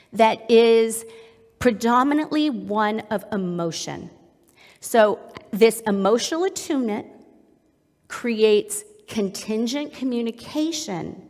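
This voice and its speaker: A woman's voice: on the high side, big-room sound. A middle-aged woman, a psychologist, giving a webinar lecture and now and then acting out how a parent soothes a crying baby. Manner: demonstrative, acts out soothing a baby in soft tones. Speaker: psychologist presenter.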